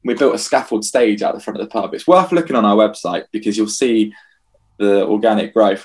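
A man in his thirties from England, founder of a festival, telling lively stories in an interview and acting out his own past lines. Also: lowish voice. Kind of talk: storytelling interview.

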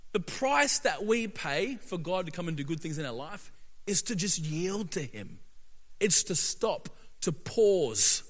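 A man preaching a sermon as pastor, emphatic, asking "right?" again and again and building up to shouting. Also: sits high. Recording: long reverb of a large hall.

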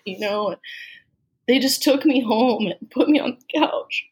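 A woman from Austin telling a painful family story as an interview guest, candid and halting, with many "like" and "you know" fillers and close to tears at times. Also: fairly high pitch. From Austin, Texas. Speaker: guest sharing a personal story. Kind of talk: emotional personal storytelling.

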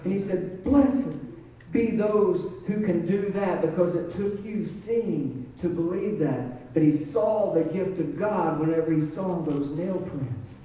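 A man's voice: high-pitched, a little slow, few pauses, warm tone. A man preaching a sermon, telling the story dramatically with a voice that rises and falls. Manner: dramatic storytelling, voice rising and falling. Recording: echoey hall, mic far off.

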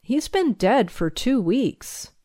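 A woman's voice: on the high side, very animated, slow, warm tone, no echo, studio quality, voice pushed up. A woman voicing a folksy country sheriff. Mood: gentle, grave. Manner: folksy drawl. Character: rough-spoken male country sheriff, gruff but fatherly.

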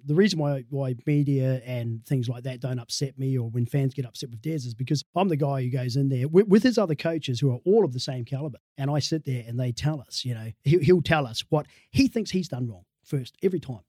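A man's voice: medium pitch, brisk, hardly any pauses, mellow, no echo, clean studio sound. An Australian man, a sports team's head of performance, telling rambling stories in a casual interview and laughing at his own tales.

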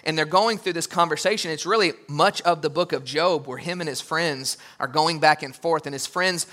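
A man delivers a sermon with a bright, forceful tone. His voice sits a little high. He preaches in an animated way, with joking asides and quoted voices he acts out. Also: moderate pace. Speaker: pastor.

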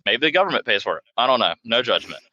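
A man's voice: medium pitch, big pitch swings, quick pace, pushed and bright, dull audio. A man, co-hosting a podcast and telling rambling, self-mocking stories full of fillers. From South Carolina. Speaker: podcast co-host. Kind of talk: casual storytelling chat.

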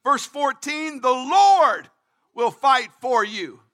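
High, bright-voiced preaching man. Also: unhurried. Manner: emphatic preaching, reads scripture aloud, rising to shouts. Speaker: pastor. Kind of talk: livestreamed sermon.

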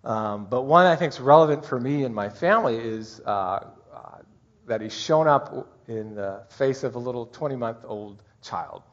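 A middle-aged man preaching a Christmas sermon as pastor, heartfelt and halting, his voice catching with emotion. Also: mid-range voice. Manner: heartfelt, halting, tearful at times. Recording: dull muffled recording.

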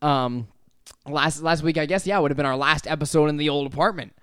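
A young man hosting a casual podcast, telling stories with lots of laughs and animated voices. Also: fairly high pitch, fairly quick, smooth, dry recording, clean studio sound. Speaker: podcast host. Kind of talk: casual chat. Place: apartment.

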